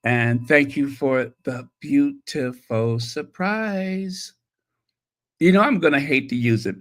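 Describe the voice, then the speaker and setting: Slow-talking man hosting a livestream. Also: medium pitch. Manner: chatty, reacting to viewer messages with many fillers. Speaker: channel host. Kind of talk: casual livestream chat.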